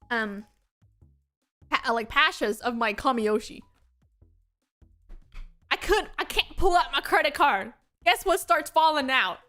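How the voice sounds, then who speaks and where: High-voiced giggly young woman streamer. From United States. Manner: giggly, animated storytelling with quoted voices. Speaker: VTuber streamer. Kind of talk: casual chat.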